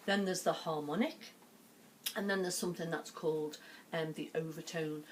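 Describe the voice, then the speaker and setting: Woman, Liverpool accent, low-pitched, gentle and chatty, sound healer talking to camera, faint hiss behind. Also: steady tone, normal speed. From Liverpool, England. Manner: gentle, chatty, lots of fillers. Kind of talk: explanatory talk to camera.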